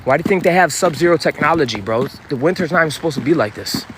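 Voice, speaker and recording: A man delivers a fierce, confrontational motivational sermon outdoors, cursing freely as he pushes his listeners. His voice sits a bit high for a man. Steady street noise runs clearly behind him. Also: very fast. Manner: intense, profane, confrontational. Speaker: spiritual vlogger. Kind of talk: preachy motivational monologue.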